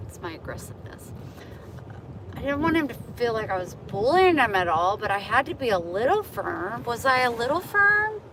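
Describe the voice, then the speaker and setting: Holding her phone, a woman vlogs casually, cooing baby talk at cats and then venting frankly to her viewers. Her voice is fairly high and fairly bright, with a little hiss or hum in the recording.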